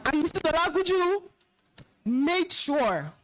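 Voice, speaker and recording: A young Nigerian-accented alumna at a school event sternly scolds a room of students, her high voice swinging widely. She speaks slowly and very animatedly, giving orders before turning emotional and commanding as she talks about respect for teachers.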